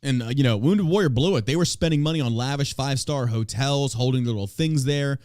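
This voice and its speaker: A man's voice: medium pitch, fairly quick, darkish tone, no room sound, studio quality. An American man hosting a podcast, ranting in a profane, combative and sarcastic way. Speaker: podcast host. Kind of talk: opinion podcast rant.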